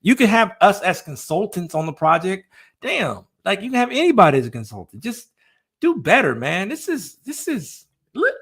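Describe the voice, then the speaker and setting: A man's voice: high-pitched, sing-song, moderate pace, a bit bright, slightly rough. A man ranting in a casual podcast chat, exasperated, filling his lines with "dude" and "man".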